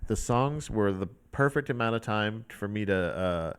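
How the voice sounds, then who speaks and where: A man's voice: on the low side, expressive, moderate pace, clear, resonant tone. A man co-hosting a casual comedic music podcast, talking in a rambling, playful way with many fillers. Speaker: podcast co-host.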